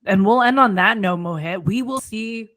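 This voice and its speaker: Young female podcast co-host, effusive and chatty, crisp bright tone, dry booth sound. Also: medium pitch, no echo. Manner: effusive, chatty, quick to laugh. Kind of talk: casual podcast chat.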